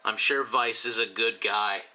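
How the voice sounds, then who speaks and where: Sketching commissioned art on his channel, a tipsy YouTuber rambles, jokes, and swears in casual commentary. His man's voice is on the low side, steady and unhurried yet pushed and bright, and the recording is low quality.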